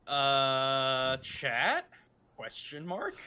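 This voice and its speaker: A man co-hosting a stream, reading a paper aloud with halting restarts and joking asides. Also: medium pitch, very animated, sharp tone, a little hiss or hum. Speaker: stream co-host reading a fan newspaper aloud. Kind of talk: casual chat and reading aloud.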